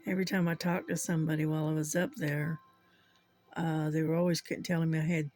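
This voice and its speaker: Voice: mid-range voice, flat delivery, a little mellow, faint music behind. An older host with a Southern US accent, telling rambling stories in casual chat and chuckling often. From Southern United States. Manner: rambling, unhurried storytelling with frequent chuckles. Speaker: channel host.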